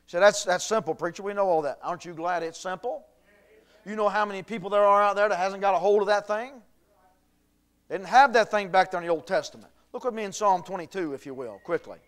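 A man's voice: high voice, fast, fairly bright tone. A male pastor preaching a sermon, reading scripture aloud and building in intensity. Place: church.

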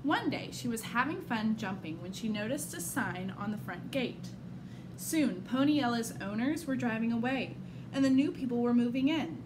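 A school staff member, a woman, reading a children's picture book aloud in an expressive storytelling manner. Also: fairly high pitch, normal speed, noisy background.

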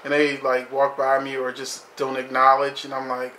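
A man's voice: mid-range voice, monotone, normal speed, hardly any pauses, bright, forceful tone, echoey room, slight background noise. A man reviewing a TV episode in casual commentary, blunt and profane, saying "you know" constantly.

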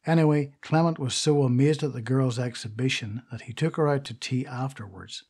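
A man reading the part of a vain, indignant stage actress in an audiobook, telling her tale in a gossipy, confiding way with a husky voice. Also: mid-range voice, a little fast, a little mellow. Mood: indignant gossip. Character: vain grand stage actress, middle-aged woman.

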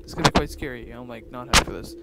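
A young man commentating a game, jittery, swinging from hushed mutters to loud yelps. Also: medium pitch, rapid-fire, creaky. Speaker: gaming YouTuber. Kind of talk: let's-play commentary. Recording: loud noise behind voice.

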